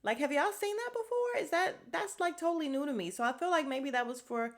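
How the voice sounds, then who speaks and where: Blunt, animated woman recapping. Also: a little fast. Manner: blunt, profane, animated asides; acts out quoted lines with sharp pitch jumps. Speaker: podcast host recapping a reality show. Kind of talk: casual solo recap podcast.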